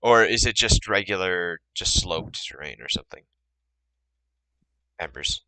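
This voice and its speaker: Bright, smooth-voiced man playing a tabletop game. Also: low-pitched, lively intonation, a little slow, no room sound, low-quality recording. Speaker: player. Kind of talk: casual tabletop play chat.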